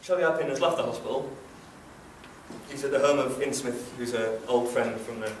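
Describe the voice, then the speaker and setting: A Yorkshire man speaks thoughtfully about his writing, pausing and restarting often. His mid-pitched voice rings around a roomy festival venue and is picked up from well back in the room. A faint murmur of the space hangs behind him. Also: far from the mic, slight background noise. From Wakefield, England. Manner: thoughtful, halting, many ums. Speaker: author. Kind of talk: book launch talk and reading. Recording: echoey room picked up from afar.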